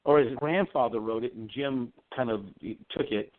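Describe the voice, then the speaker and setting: A man's voice: medium pitch, normal speed. A man, a psychic medium guest, telling a long rambling story in a radio interview, full of ums and restarts. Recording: tinny phone line.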